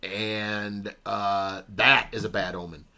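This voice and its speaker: A man's voice: lowish voice, flat delivery, slow pace, sharp tone. A man on a casual podcast, retelling a movie plot with frequent ums and restarts. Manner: rambling, many ums and restarts. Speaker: podcast co-host.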